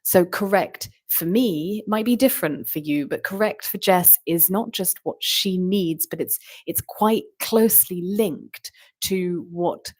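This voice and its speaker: A woman's voice: on the low side, darkish tone, husky. A woman vlogger rambling in a stream-of-consciousness monologue, meandering with fillers and rhetorical questions.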